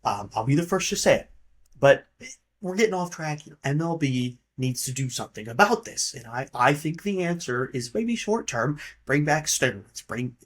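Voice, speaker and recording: A man's voice: a little high, expressive, normal speed, husky. A man hosting a casual solo podcast monologue, rambling and offhand and swearing casually. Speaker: podcast host.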